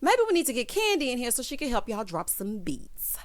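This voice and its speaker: A woman's voice: a little high, big pitch swings, brisk. A young adult woman giving a casual, sassy recap of a reality show, calling her viewers "child" and "honey".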